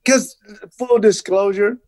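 A man's voice: sits high, fairly even intonation, slow pace, a little mellow, dry recording. A middle-aged man and former pro football player, a guest telling stories in a casual interview and acting out the voices of the people he quotes.

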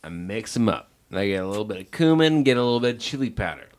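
A man's voice: lowish voice, big pitch swings, quick pace. A man co-hosting a casual podcast chat, joking in a dry way. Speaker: podcast co-host.

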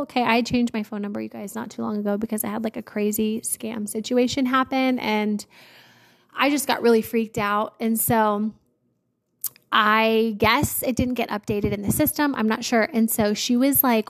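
A woman telling a personal story to her viewers in casual chat, talking in a chatty way full of "like" and getting excitable as she goes. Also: normal speed. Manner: chatty, lots of "like", bursts of laughter; excitable, jumps up in pitch when thrilled. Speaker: vlogger.

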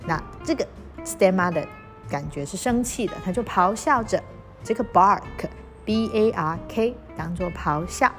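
A woman teaching English through a storybook, reading lines slowly and spelling words out letter by letter. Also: medium pitch, expressive, faint music behind. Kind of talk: storybook reading lesson with explanations.

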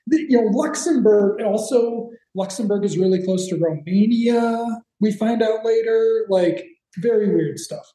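A man's voice: sits high, a little slow, dark tone, reverberant, rough recording. A man co-hosting a podcast, recapping a TV episode in rambling casual chat with sarcastic asides. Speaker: podcast co-host.

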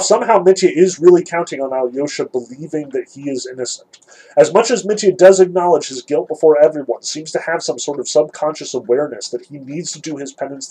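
Man talking through a novel like a lecture, really breathy husky voice, mellow, bit high for a guy. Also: low-quality recording. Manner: thoughtful, emphatic, some restarts. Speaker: literature lecturer. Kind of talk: reading and analysis of a novel.

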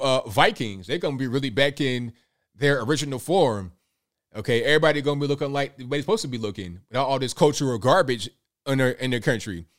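Male online commentator, casual and sarcastic, rambling delivery. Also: mid-range voice. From United States. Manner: rambling, sarcastic, many fillers and restarts.

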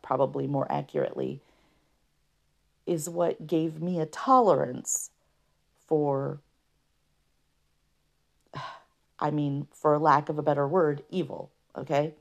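A woman hosting a podcast, telling her own story unscripted and earnestly, with a rough voice from allergies and frequent throat clearing. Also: low-pitched. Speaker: podcast host. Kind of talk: personal testimony podcast.

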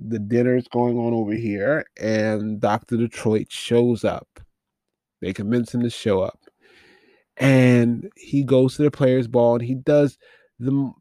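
A man's voice: medium pitch, dark tone, no room sound, studio quality. A man hosting a podcast, recapping an old movie in a rambling, wry, casually profane way and laughing at how ridiculous it is. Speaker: podcast host.

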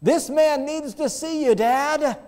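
Eager little boy, insistent, high, man voicing him in a told story. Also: takes it slowly, a little mellow. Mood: calling out.

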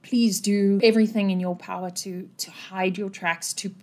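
A woman voicing a worried, powerful middle-aged male mayor who speaks gently and stammers. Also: medium pitch, steady tone, moderate pace, lightly acted. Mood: urgent.

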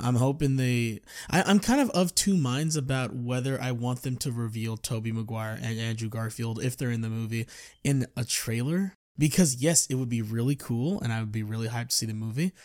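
A man's voice: medium pitch, dry recording, clean studio sound. Rambling man hosting a solo podcast. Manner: rambling, self-correcting, chatty. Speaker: podcast host. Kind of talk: casual solo chat.

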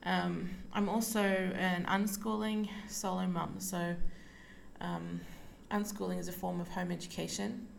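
A woman hosting a casual solo podcast, talking while lying down at home, relaxed and rambling with many fillers. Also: fairly low pitch, a little slow, gravelly, slight background noise. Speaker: podcast host and psychic medium.

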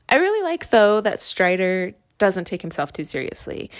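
An American woman hosting a podcast, chatting casually and animatedly about a book, with quick asides. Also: mid-range voice. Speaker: podcast host. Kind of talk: casual solo book discussion.

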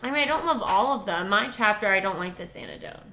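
A young woman co-hosts a book podcast in a casual, giggly chat. Her speech is full of filler likes, and she sometimes slips into a whisper. Her voice sits at a middle pitch, and the room adds a noticeable echo. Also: expressive, fast, sharp tone, slight background noise. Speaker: podcast co-host.

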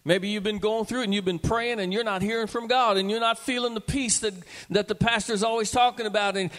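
A man preaching a sermon to his church, rising to loud emphatic peaks. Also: high voice. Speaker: pastor. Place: church sanctuary. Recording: long reverb of a church hall.

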